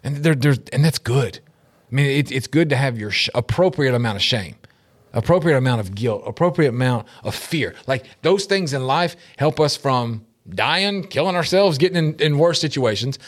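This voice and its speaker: A middle-aged man co-hosts a podcast in casual chat, his mid-range voice moving at a moderate pace. He's animated and laughs often, acting out quotes in shifting voices.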